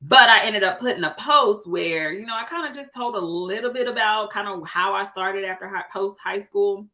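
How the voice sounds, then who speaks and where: A woman's voice: mid-range voice, moderate pace, bright, forceful tone. A woman in her thirties, a realtor co-hosting a casual chat, talking openly and laughing often. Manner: chatty, laughs often, acts out quoted dialogue. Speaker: co-host, realtor.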